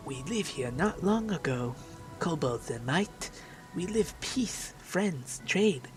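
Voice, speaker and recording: A small, regal mite queen, voiced by a gamer tells her side in halting, broken phrases with a wistful tone. The voice stays near a normal pitch and is softer than normal speech. Light music plays behind this home playthrough. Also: lively intonation.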